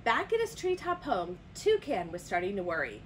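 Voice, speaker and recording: A woman's voice: medium pitch, normal speed, slight background noise, poor audio. A woman librarian reading a picture book aloud to children and asking them questions. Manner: animated, asks the kids questions.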